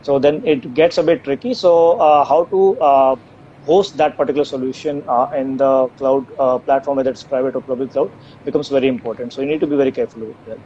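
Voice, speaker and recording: A man answering live questions about his company's technology, hesitating often with fillers and restarts. His voice is mellow and warm. The audio is dull and lo-fi, over a video call with a faint hiss behind it. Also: mid-range voice, steady tone, fairly quick. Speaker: AI company co-founder guest.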